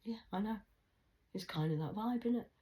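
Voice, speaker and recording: A woman's voice: mid-range voice, moderate pace, mellow. A woman vlogging a rambling, profane monologue full of rhetorical questions to her viewers.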